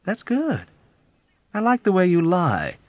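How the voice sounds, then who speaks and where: A man's voice: high-pitched, wildly swooping pitch, slow pace, dry recording, voice pushed up, exaggerated voice. A man reading an audiobook and voicing a sly, sardonic middle-aged male colonel who mocks with ironic sweetness. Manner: smooth, mocking, ironically sweet. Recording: dull, dry lo-fi audiobook.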